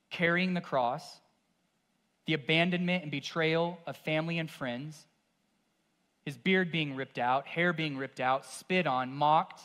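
A male pastor preaching a sermon, with a voice that sits a little high for a man. His delivery is intense. It drops to near-hushed, weighty passages, then builds to forceful, emphatic peaks.

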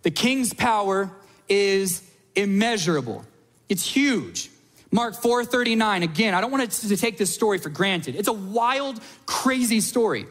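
A man in his thirties delivers a sermon in a fairly high voice. He tells everyday stories with energy and acts out quick asides as he goes. The sound carries a long reverb, as from a large church hall. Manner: energetic storytelling with acted-out asides. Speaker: pastor.

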